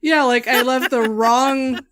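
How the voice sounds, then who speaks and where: A woman's voice: high-pitched, fairly even intonation, slow, background noise. A woman co-hosting a podcast in casual chat, telling self-mocking stories. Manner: chatty storyteller, self-mocking. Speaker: podcast co-host.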